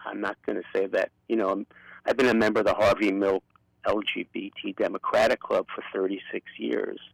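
A man's voice: fairly low pitch, little pitch movement, brisk, vocal fry, no echo, rough recording. An older man with a Brooklyn accent, speaking as an impassioned guest in a radio interview. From Brooklyn, New York. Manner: outspoken and impassioned. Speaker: guest, political activist.

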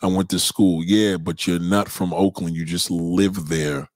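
A man, ranting casually and loudly to his stream viewers, swaggering and laughing often. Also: deep voice, steady tone, measured pace, dry recording, clean studio sound. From New York. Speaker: live-stream host. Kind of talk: casual profane rant to viewers.

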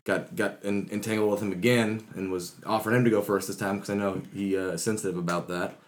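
Man, somewhat low voice, hesitant, casual chat. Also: level tone, fast talker. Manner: hesitant, lots of filler words. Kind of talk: casual storytelling among friends.

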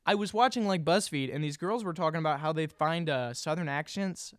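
A man's voice: a little high, brisk, fairly bright tone, no room sound, clean studio sound. A man co-hosting a comedy podcast in casual chat, playful and teasing, often slipping into silly bits. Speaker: podcast co-host.

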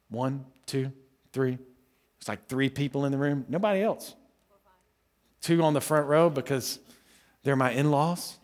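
A man preaching to his congregation at an evening service, his voice sitting a little on the high side. He talks to the room casually, full of rhetorical questions. He pushes loud on the big points and drops low and quiet for the asides. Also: long reverb tail. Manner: swings between loud emphatic lines and quiet low asides. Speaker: lead pastor. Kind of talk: sermon. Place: church service before a congregation.

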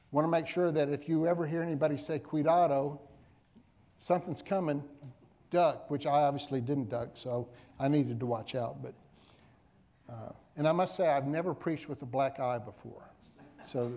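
A man's voice: fairly high pitch, a little mellow. Emphatic pastor, man with a lifted voice. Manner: emphatic, repeats key phrases for effect. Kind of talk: sermon with scripture reading. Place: church service before a congregation.

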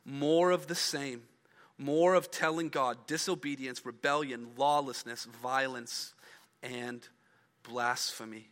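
A man's voice: medium pitch, fairly even intonation, slow, fairly bright tone. A man preaching a sermon as a pastor, reading scripture aloud, then explaining it with rising emphasis and trailing drops. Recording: long reverb of a large hall.

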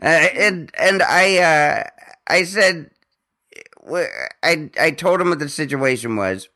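A man's voice: on the high side, slow, bright, forceful tone. A man hosting a podcast in casual chat, telling a rambling story with lots of restarts and swearing. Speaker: podcast host.

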